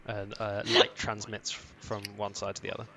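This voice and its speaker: A man's voice: on the low side, completely flat delivery, moderate pace, a loud crowd. A young man narrating as game master of a tabletop game, describing scenes hesitantly with many restarts.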